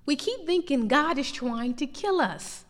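A woman preaches a sermon. Her fairly high voice swings widely and climbs to emphatic peaks. The sound carries the long reverb of a large hall. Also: animated, measured pace.

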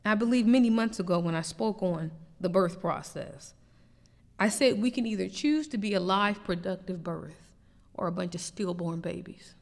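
A woman teaching a sermon in an animated, conversational way, acting out little asides as she preaches. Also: mid-range voice, normal speed, in a large hall. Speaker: pastor, Bible teacher. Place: church sanctuary.

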